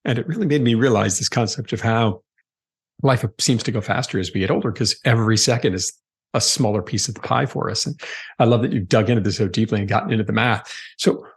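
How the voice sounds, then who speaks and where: A man hosts a podcast and talks quickly with a husky edge to his voice. He sounds enthusiastic, leading into his questions with casual stories. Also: on the low side. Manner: enthusiastic, fast anecdotal storytelling. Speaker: podcast host. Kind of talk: casual interview chat.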